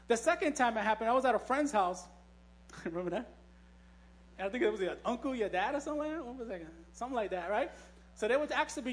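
Male preacher, high voice, relaxed storytelling sermon with jokes and restarts. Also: fast talker, slight background noise. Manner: joking, storytelling, frequent restarts. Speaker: pastor. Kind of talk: conversational sermon. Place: church.

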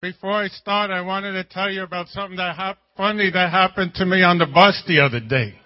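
High-voiced male pastor preaching. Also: fairly quick, muffled recording. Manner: conversational preaching, jokes and rhetorical questions. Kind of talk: sermon.

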